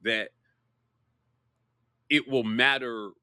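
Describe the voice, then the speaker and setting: A man co-hosting a casual sports talk show, animated and excitable, quick to agree. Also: mid-range voice, clean tone, no room sound, studio quality. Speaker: podcast co-host.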